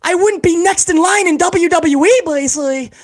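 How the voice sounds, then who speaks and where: Guy doing a squeaky whiny exec dude, super high and pleading, always playing the victim. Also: moderate pace. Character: whiny, self-pitying male wrestling executive. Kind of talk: comedic impression.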